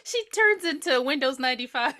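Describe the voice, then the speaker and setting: A woman podcast co-host chatting about a movie, excitable and jokey, with profane asides. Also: high voice, normal speed. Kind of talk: casual movie recap chat.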